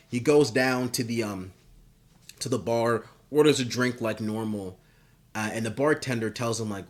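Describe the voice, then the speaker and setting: A man pitching a story idea in casual, rambling talk, swearing and filling gaps with "uh" and "like". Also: normal speed. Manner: rambling and profane, with many fillers. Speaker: video creator.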